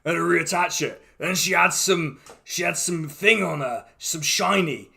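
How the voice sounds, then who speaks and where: A man's voice: a little high, measured pace, creaky, hardly any pauses, bright, forceful tone. A man narrating a tabletop game as game master, in an amused, rambling way with frequent restarts.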